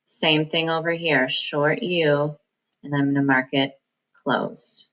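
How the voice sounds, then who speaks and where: Bright-voiced woman teaching phonics. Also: deep voice, fairly even intonation, low-quality recording. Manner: slow, deliberate, sounds words out syllable by syllable. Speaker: reading teacher. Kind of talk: phonics lesson.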